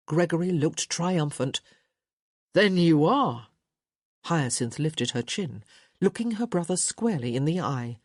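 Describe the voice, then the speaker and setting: Woman narrator, husky, low-pitched, lively intonation, dry close sound. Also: normal speed, dry recording. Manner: expressive storytelling. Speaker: audiobook narrator. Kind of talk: scripted narration.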